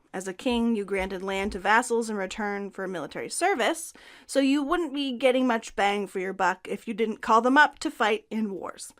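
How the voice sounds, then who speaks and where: A woman co-hosts a history podcast, reading her script clearly and steadily. Her voice sits at a middle pitch, and she drops in the odd casual aside. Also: a bit bright. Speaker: podcast co-host.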